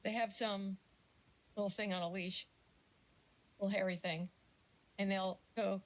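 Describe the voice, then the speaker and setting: A woman's voice: medium pitch, steady tone, unhurried, pauses often, rough recording. A woman giving a casual mini lecture, telling stories and acting out the voices she quotes. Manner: storytelling, acts out quoted voices.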